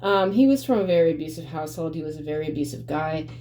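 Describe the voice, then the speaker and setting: A woman's voice: deep voice, lively intonation, fast talker, warm tone, slight background noise. A woman vlogging to camera in a blunt, profane, emphatic way, rambling with fillers. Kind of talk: casual monologue to camera.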